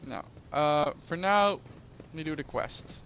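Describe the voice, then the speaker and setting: A man's voice: fairly high pitch, measured pace, fairly bright tone, slight background noise. A man streaming a game playthrough, chatting casually and swearing as he reads along.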